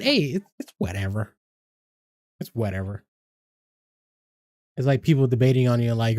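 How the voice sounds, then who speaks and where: A man's voice: medium pitch, very animated, moderate pace, long pauses, darkish tone, dry recording, clean studio sound. A man, chatting casually and rambling on his game stream, swearing freely and laughing often.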